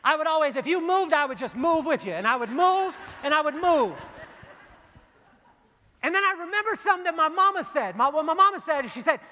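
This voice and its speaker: High, bright-voiced man giving a keynote. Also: animated, a little fast, a little hiss or hum. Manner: storytelling, joking with the audience. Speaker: keynote speaker. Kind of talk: motivational keynote speech. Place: large hall on stage. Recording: long hall reverb.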